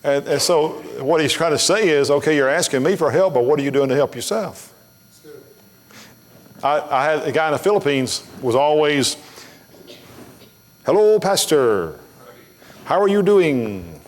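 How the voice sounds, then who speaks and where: A man's voice: on the high side, normal speed. A man preaching a sermon as pastor, telling folksy stories bluntly and building to emphatic preaching. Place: church sanctuary. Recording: long hall reverb of a church.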